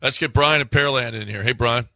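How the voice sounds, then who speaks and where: A man's voice: mid-range voice, brisk, sharp tone, no echo, studio quality. A male sports radio co-host, heated and emphatic, repeating his points.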